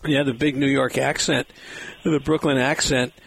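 A man's voice: mid-range voice, fairly even intonation, normal speed, gravelly, fairly bright tone, slightly rough. A man hosting a radio interview, chatting and telling old stories. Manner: chatty storyteller. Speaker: radio host.

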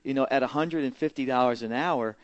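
Earnest, halting man on a muffled radio line. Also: medium pitch, dry recording. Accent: slight Baltimore. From Baltimore. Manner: earnest, hesitant, many fillers and restarts. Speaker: baseball play-by-play broadcaster. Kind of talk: casual radio interview.

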